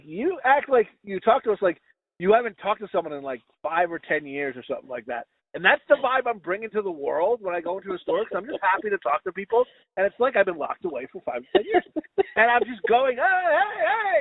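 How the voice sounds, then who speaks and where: A man's voice: animated, quick pace. A man co-hosting a podcast, telling rambling, crude, self-mocking stories and acting out what people said. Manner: acts out quoted voices in high pitch. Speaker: podcast co-host. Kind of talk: casual storytelling chat. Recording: dry, phone-like lo-fi audio.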